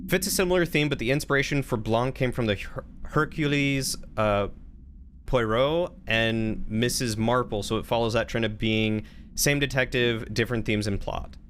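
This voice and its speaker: A man's voice: mid-range voice, normal speed, a bit bright, a little hiss or hum. A man streaming a game live, chatting casually and thinking aloud as he plays.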